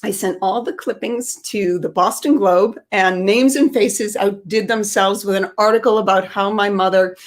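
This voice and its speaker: Lively woman telling a personal story. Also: medium pitch, normal speed, hardly any pauses. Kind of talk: personal story told live. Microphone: streamed from home.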